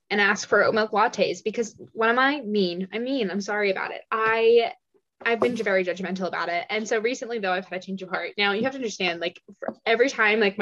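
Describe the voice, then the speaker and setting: A woman's voice: mid-range voice, a bit bright, muffled recording. A young American woman co-hosting a casual chat podcast from a small room, bubbly and rambling, saying "like" a lot. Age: young adult. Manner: bubbly, rambling, heavy use of "like". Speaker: podcast co-host. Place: small dorm room with thin walls.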